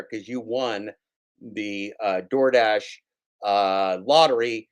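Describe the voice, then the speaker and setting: A man's voice: fairly low pitch, slow, smooth. Sarcastic, profane livestream host man. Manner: sarcastic, profane, repeats his lines. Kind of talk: casual livestream rant.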